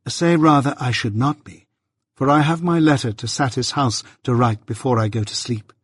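A man's voice: mid-range voice, moderate pace, slightly rough, dry recording, studio quality, close to an everyday voice. A man voicing a proud, cold young woman who answers in a clipped, scornful, aloof way, read as part of an audiobook. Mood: cool. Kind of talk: audiobook character reading.

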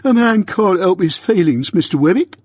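A man doing a high whining petty crook. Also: expressive, normal speed, a little mellow, husky, dry recording, studio quality. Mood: pleading. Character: snivelling male petty criminal client, pleading.

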